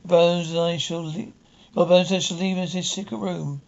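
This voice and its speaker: Guy doing a crazed hulking innkeeper, roaring and gravelly, kinda muffled audio. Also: steady tone, normal speed. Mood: raving. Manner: roaring, booming mad laughter. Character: insane hulking male innkeeper, murderous.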